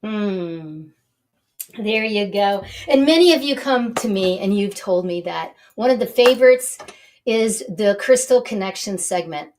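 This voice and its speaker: A woman's voice: medium pitch, animated, unhurried, a little mellow, a little hiss or hum. A woman hosting her own show, introducing the episode in a bubbly, gushing and enthusiastic way. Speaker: show host.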